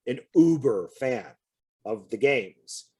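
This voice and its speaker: A man's voice: medium pitch, lively intonation, slow, mellow, breathy edge. Chatty, stumbling man co-host. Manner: chatty, hesitant, stumbles over words. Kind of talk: casual chat.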